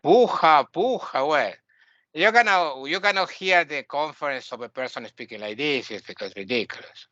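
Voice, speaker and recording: A man's voice: medium pitch, normal speed, pushed and bright, dry recording, dull audio. Blunt man lecturing. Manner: blunt, opinionated, repeats himself. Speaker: spiritual teacher. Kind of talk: spoken lecture.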